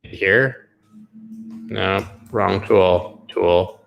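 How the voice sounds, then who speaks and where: A man's voice: low voice, extremely slow, vocal fry, lo-fi sound, soft background music. A man hosting a live crypto charting stream, rambling sarcastically with tangents and the odd swear. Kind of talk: casual live-stream commentary.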